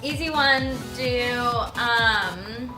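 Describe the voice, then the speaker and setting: A woman's voice: a little high, extremely slow, over music. A woman chatting casually and encouragingly, amused as she reacts to a friend. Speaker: co-host. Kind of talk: casual chat. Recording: roomy echo.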